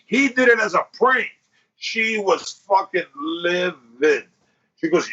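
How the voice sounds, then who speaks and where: Husky man telling a crude story. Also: high-pitched, takes it slowly. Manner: animated, profane storyteller acting out quotes. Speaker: podcast host. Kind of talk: casual storytelling chat. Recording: dull lo-fi podcast audio.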